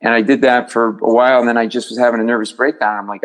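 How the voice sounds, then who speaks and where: A middle-aged man spins stories with a comic's timing, breaking into voices for the people in them. His voice sits at an ordinary middle pitch. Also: steady tone, racing, low-quality recording. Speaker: comedian guest. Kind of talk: podcast storytelling.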